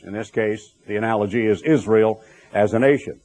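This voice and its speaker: A man's voice: fairly low pitch, brisk, darkish tone. A middle-aged man preaching a sermon, telling stories with conversational asides to the congregation.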